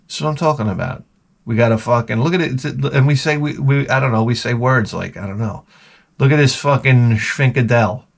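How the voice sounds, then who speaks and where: A man's voice: brisk, creaky. Profane, rambling man ranting comedically. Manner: profane, rambling, jumps into high mocking voices. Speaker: podcast host. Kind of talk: crude comedic rant.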